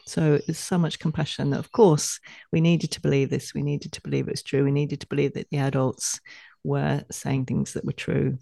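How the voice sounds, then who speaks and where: A woman speaking as a guest in a casual podcast conversation, animated and quick to laugh as she acts out her own inner voices. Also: very deep voice, vocal fry, dry recording, studio quality.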